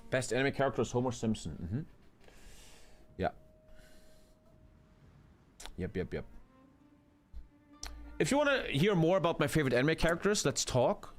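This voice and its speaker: A man's voice: big pitch swings, normal speed, long pauses, faint music behind. A man, commenting live on his own strategy game and swearing a lot. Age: 30s. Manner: swears a lot, jumps into loud high yelps. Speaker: streamer.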